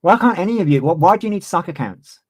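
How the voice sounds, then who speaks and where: A man's voice: sits high, animated, fast talker, dry recording. A man in his twenties, ranting heatedly on a livestream and swearing freely. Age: 20s. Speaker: streamer. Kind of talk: livestream commentary.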